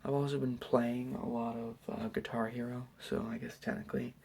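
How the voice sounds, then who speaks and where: A young man giving a soft, hesitant, whispered ASMR Q&A at home late at night, rambling with lots of fillers. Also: mid-range voice, level tone, fairly quick, creaky, slight background noise. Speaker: YouTuber answering questions.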